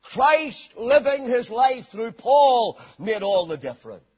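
A man preaching a sermon dramatically, swinging between hushed passages and shouted ones. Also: extremely high pitch, animated, slow, breathy edge. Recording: dull lo-fi sermon recording.

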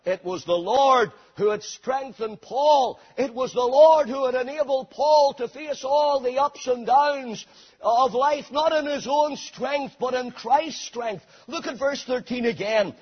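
A man preaching a sermon dramatically, swinging between hushed passages and shouted ones. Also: very high voice, measured pace, breathy edge. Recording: dull lo-fi sermon recording.

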